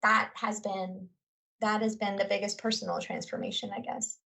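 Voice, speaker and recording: A woman's voice: medium pitch, little pitch movement, moderate pace, vocal fry, pushed and bright, recorded from a distance, rough recording. A woman in her forties, a teacher, telling her story in an earnest, heartfelt way with many fillers. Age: 40s. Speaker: teacher and guest. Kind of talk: personal story in a podcast conversation.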